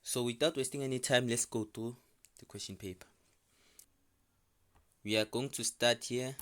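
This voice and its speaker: A man teaching an accounting lesson as a screen-recorded voice-over, walking through a question paper step by step and repeating each figure slowly. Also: medium pitch, fairly even intonation, a bit bright. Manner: repetitive, restating figures slowly. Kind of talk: step-by-step tutorial explanation.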